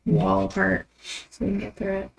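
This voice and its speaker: A woman playing a tabletop game, asking quick questions about what her character can do. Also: mid-range voice, little pitch movement, creaky, crowd noise. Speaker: player. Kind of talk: casual tabletop play.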